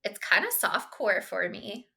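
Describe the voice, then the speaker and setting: A woman's voice: mid-range voice, expressive, a little slow, gravelly, bright, forceful tone. A young adult woman co-hosting a podcast, chatting casually in a playful, effusive way and laughing often. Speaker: podcast co-host. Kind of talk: casual chat.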